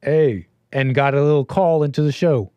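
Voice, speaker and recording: A man's voice: on the high side, normal speed, smooth, no echo, lo-fi sound. Rambling male call-in show host. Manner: rambling, restarts often, laughs easily. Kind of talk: casual call-in show talk.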